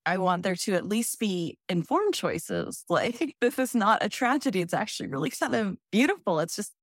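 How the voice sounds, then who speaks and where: A woman's voice: mid-range voice, big pitch swings, moderate pace, dry recording, studio quality. A woman hosting an interview podcast, speaking emphatically and encouragingly with conviction. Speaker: podcast host. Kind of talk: casual interview chat.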